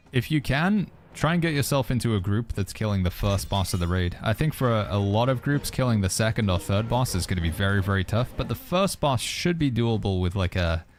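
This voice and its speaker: Low-voiced man casually streaming a game. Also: slight background noise. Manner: relaxed, chatty, answers viewer questions while playing. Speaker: streamer answering chat. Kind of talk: casual gaming commentary. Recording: faint music behind.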